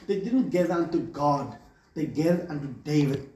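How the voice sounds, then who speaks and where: A man's voice: fairly high pitch, lively intonation, fairly quick, mellow. A man preaching a sermon emphatically, calling on the congregation for amens. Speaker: pastor. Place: church hall. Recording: echoey hall from far off.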